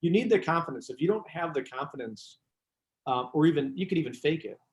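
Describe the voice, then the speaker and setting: A man, a business coach, chatting as a guest and telling lively stories with asides and restarts. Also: a little high, a little fast. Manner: animated storyteller, frequent restarts and asides. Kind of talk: casual interview chat. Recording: roomy echo.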